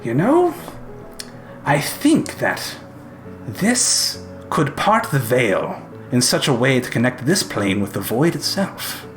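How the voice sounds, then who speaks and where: A man voicing an eccentric old male vault keeper who chuckles and gets excited. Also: medium pitch, slow pace, faint music behind. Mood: musing.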